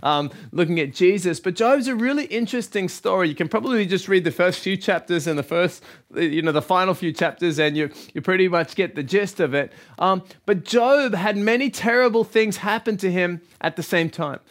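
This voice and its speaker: A man's voice: high voice, animated, normal speed, a bit bright. A young male pastor, preaching a sermon in an encouraging, conversational way.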